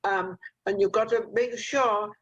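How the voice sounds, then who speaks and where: Husky older woman hosting on a muffled video call, rambling encouraging advice. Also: mid-range voice, fairly even intonation, unhurried. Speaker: host. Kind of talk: chatty mentoring interview.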